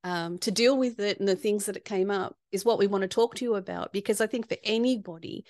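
A woman's voice: medium pitch, fast talker, a little mellow, no echo, studio quality. A woman co-hosting a podcast, listening attentively with frequent affirmations before wrapping up the episode. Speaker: podcast co-host.

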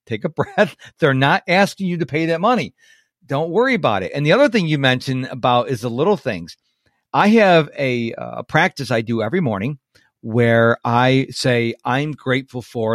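A man hosting a podcast, telling family stories in a casual, animated way. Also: mid-range voice, no room sound, studio quality. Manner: animated storyteller, quotes family members in lively voices. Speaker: podcast host.

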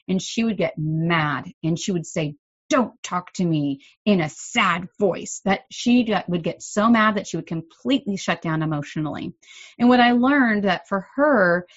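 A middle-aged woman hosting a parenting podcast, explaining in an earnest, gently emphatic way. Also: mid-range voice, dry recording, lo-fi sound. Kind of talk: solo podcast talk.

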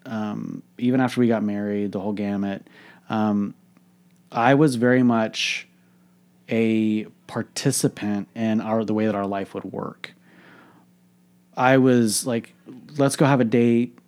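A man with a fairly low voice tells a candid personal story. He sounds frank and reflective and swears freely as he works through what went wrong, speaking like a coach sharing a lesson. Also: steady tone, unhurried, pauses often, darkish tone.

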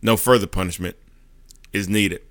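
A man voicing a calm, humble defender who pleads softly before a judge. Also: low voice, moderate pace, dry recording, clean studio sound, pitched below the performer's own voice, natural voice. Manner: soft, pleading.

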